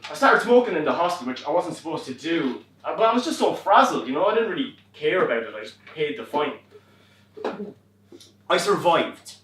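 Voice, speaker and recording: A young Irish man performing a wry comic monologue on a theatre stage, swearing and animated as he tells a story. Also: a little high, normal speed. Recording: roomy stage from far off.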